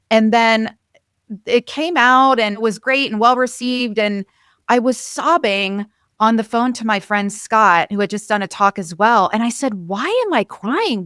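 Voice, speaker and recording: Earnest, smooth-voiced woman podcast host. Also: mid-range voice, a bit bright, dry recording, clean studio sound. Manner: earnest, candid and reflective, speaking from personal feeling. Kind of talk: casual interview conversation.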